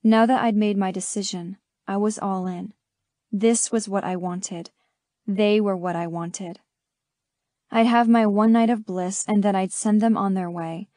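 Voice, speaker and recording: A woman narrating a first-person romance audiobook in an intimate, measured reading. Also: medium pitch, fairly even intonation, mellow, dry recording, studio quality.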